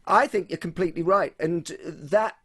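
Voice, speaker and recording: A man's voice: sits high, moderate pace, a bit bright, slightly rough. A man hosting a podcast, chatting and putting questions to his guest. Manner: conversational, asks leading questions. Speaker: podcast host. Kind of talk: casual podcast interview.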